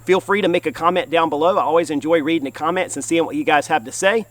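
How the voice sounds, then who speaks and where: A man's voice: on the high side, quick pace, dry recording. A man hosting an outdoor cooking show, talking to viewers in a folksy, upbeat way from a campfire in the woods. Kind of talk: enthusiastic cooking vlog.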